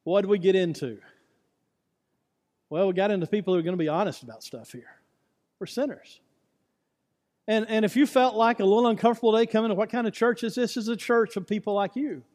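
Pastor, male, high-pitched voice, emphatic repeating sermon delivery, long church reverb. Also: a little fast, pauses often, darkish tone. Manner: repetitive, emphatic preaching with rhetorical questions. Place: church sanctuary.

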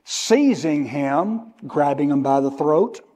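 A fairly high-voiced man preaching at an unhurried, deliberate pace. He leans hard on single words, then sinks to a near whisper. His voice rings out with a long hall reverb. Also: expressive. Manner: slow, emphatic, tells listeners to underline words; swings from loud stress to hushed drops. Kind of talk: sermon.

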